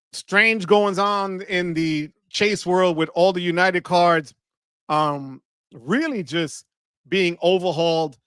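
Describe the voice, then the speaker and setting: A chatty man hosts a live stream from his studio, his voice sitting high for a man and a bit off from allergies. He greets viewers by name and drops Spanish words as he goes. The sound is close and dry, with no room around it. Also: a bit bright, smooth, no echo. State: voice affected by allergies. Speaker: host of a live credit card show. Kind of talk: casual livestream chat. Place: home studio. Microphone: close studio mic.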